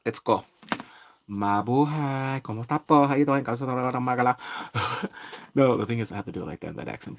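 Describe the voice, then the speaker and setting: A man talking casually about a TV show as a playful, jokey pop culture vlogger. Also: mid-range voice. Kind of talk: casual commentary.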